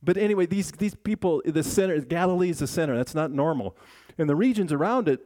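A man's voice: a little high, animated, quick pace, darkish tone. A man preaching a conversational sermon in a church, talking through the text with his congregation, asking them questions and often restarting sentences. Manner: chatty, asks the congregation questions, frequent restarts. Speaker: pastor.

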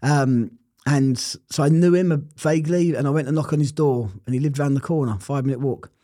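A man's voice: medium pitch, a little fast, mellow, dry recording, studio quality. A man telling his personal testimony in an interview, earnest and reflective. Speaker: interview guest.

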